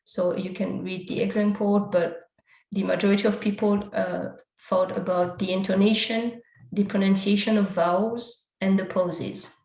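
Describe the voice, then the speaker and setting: A woman speaks at normal speed in a steady, somewhat mellow medium-pitched voice during an academic conference talk. She explains survey results step by step through her slides, often quoting survey questions, in an echoey room captured on a rough recording.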